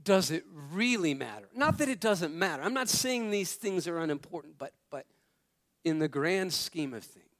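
Pastor with a slightly high voice, storytelling. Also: male voice, very animated, moderate pace, a bit bright. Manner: storytelling, repeats phrases for emphasis. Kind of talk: conversational sermon.

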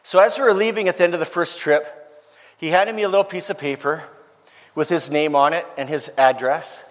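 Male preacher, emotional storyteller, voice a little high, long church reverb. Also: a little fast. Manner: earnest, emotional, quotes others in lively voices. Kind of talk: sermon storytelling.

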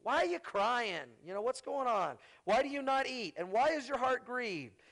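A clueless husband rattles off pleading questions to his wife in a voice pushed well above his normal speaking range, as a preacher acts him out, loud and insistent. He sounds exasperated and a little full of himself. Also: extremely high pitch, very animated, moderate pace, creaky, pitched above the performer's own voice, heavily acted, rough recording.

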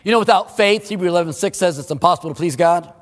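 A male pastor preaching a sermon in a church, emphatic, swinging between loud exclamations and hushed asides. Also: sits high, fast, big-room sound. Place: church sanctuary.

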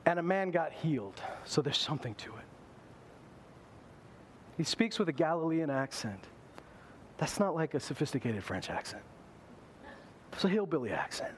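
A male pastor preaching a sermon in an animated way, acting out the voices he quotes. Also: a little high, moderate pace, pauses often, slight background noise.

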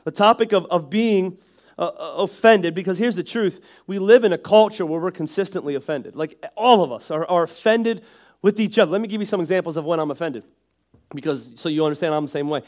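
Nasal northeast guy preaching, voice sits up high, chatty and jokey with lots of restarts. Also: fairly quick. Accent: Northeastern American. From Northeastern United States. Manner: conversational and joking, with frequent restarts and asides. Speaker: pastor. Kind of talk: sermon.

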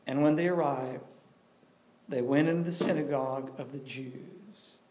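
A man preaching a sermon in a conversational, animated way, often asking questions of the audience. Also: medium pitch, measured pace. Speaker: pastor.

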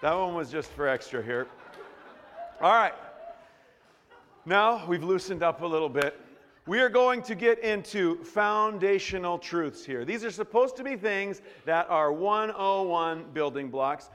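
A man's voice: high-pitched, expressive, measured pace, a bit bright, a little hiss or hum. A man preaching a sermon as a pastor in a church, in a jokey, conversational way with frequent restarts. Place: church sanctuary. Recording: long reverb in a church hall.

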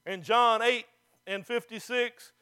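A man's voice: very high-pitched, fairly even intonation, slow, pushed and bright, smooth. A male pastor, preaching a folksy, fervent sermon to a church.

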